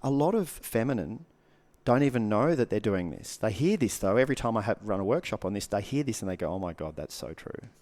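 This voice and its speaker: Earnest low-voiced man coaching. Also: animated, fast, few pauses, a little mellow. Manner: earnest, repetitive advice with short punchy phrases. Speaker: guest coach. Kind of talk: casual podcast conversation.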